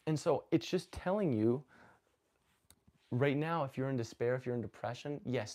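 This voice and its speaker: A man hosting a live stream on spirituality, talking casually and earnestly, often restarting his sentences. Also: medium pitch. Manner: rambling, self-correcting, earnest and animated. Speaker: host of a live spiritual talk. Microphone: phone.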